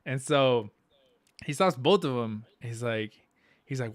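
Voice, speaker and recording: A young man chatting on a podcast in a relaxed, slangy way, laughing as he tells stories and swearing freely. The recording is close and dry, with no room sound. His pitch sits at an ordinary middle height. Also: slow, pauses often, dry recording. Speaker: podcast co-host. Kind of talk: casual chat, storytelling.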